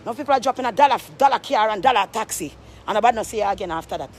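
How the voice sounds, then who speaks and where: A woman's voice: on the high side, expressive, rapid-fire. A woman, a vlogger telling a rambling story to camera with emphatic, repetitive, preachy asides.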